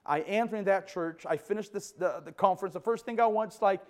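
A man's voice: sits high, quick pace. A male pastor telling a story in a sermon, acting out the dialogue and often restarting mid-sentence.

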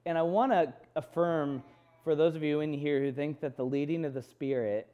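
A man's voice: a little high, moderate pace, dull audio. A man in his thirties preaching a sermon, telling a personal story candidly and quoting his own inner dialogue. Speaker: pastor.

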